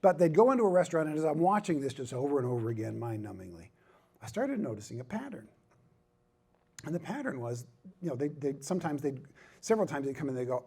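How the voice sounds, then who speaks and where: A middle-aged man gives a humorous talk at a ministry conference. His voice sits a little high and has a husky grain. He mixes self-deprecating jokes with emphatic, repeated points. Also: sing-song, quick pace, mellow. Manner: self-deprecating, joking asides, emphatic repetition.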